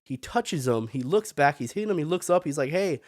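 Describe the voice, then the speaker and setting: A man's voice: a little high, animated, a little fast, no room sound, clean studio sound. A man hosting a podcast, giving casual, opinionated sports commentary that rambles and keeps throwing in "man". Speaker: podcast host.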